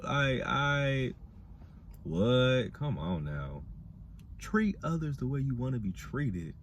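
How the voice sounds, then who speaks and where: A young man with a Black dialect, giving a sassy, animated casual review of a reality show. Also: slow, highs cut off, a little hiss or hum. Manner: animated, sassy, mimics cast members in high voices. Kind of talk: casual commentary.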